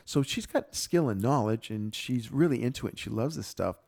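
A middle-aged man co-hosting a podcast, telling a personal story in a casual, reflective way and lively when quoting others. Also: mid-range voice, brisk, creaky. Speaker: podcast co-host.

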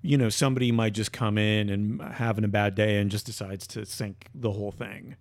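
A man's voice: on the low side, fairly even intonation, fairly quick, no room sound, clean studio sound. A man hosting a podcast, chatting casually and joking through the sign-off. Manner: joking, playful outro. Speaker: podcast host. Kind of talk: casual chat.

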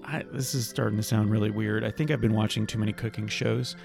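A male podcast host with a creaky, gravelly voice talks in a relaxed, joking way. Faint music sits low behind him. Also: fast. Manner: joking, playful outro. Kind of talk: casual chat.

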